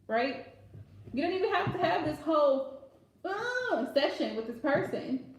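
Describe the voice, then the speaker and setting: Live reader, woman, high and chatty, frank and familiar, heavy room echo. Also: big pitch swings, unhurried. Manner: chatty, direct, laughs often, calls viewers pet names. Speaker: live tarot reader answering viewer questions. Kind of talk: casual live-stream advice chat. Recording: very echoey room.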